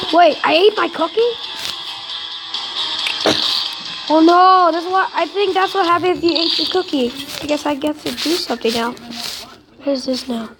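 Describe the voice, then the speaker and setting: A woman giving casual, excitable commentary while she plays a video game, chatting and reacting aloud to what happens on screen. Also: sits high, poor audio. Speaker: gamer. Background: loud game music.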